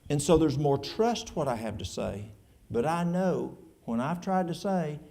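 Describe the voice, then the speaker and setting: A man's voice: a little high, lively intonation, a little slow, creaky, mellow. A man with an East Tennessee Appalachian accent, a church elder answering audience questions in a folksy, plain-spoken way. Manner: folksy, plain-spoken, drawling with colloquial speech.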